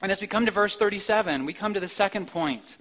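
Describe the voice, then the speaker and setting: A man preaching a sermon in a church, swinging between soft, slow passages and sudden loud, emphatic outbursts. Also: sits high, low-quality recording. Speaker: pastor. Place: church sanctuary, live-streamed.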